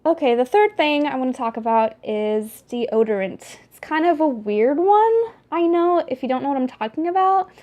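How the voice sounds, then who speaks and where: A young woman vlogging to her camera, chatty and rambling with lots of fillers and restarts. Her voice sits a little high, and she talks with animated energy. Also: normal speed. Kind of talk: casual vlog talk to camera.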